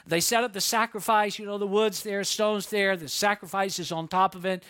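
A man preaching a sermon, retelling a story in a lively, conversational way with frequent asides to his listeners. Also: high voice, moderate pace, clear, resonant tone. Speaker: pastor.

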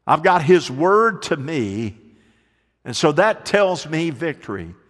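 A man preaching a sermon, telling folksy stories and slowing down to drive points home. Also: a little high, very animated, fairly bright tone, big-room sound. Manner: folksy storytelling preacher, slows for emphasis. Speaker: pastor.

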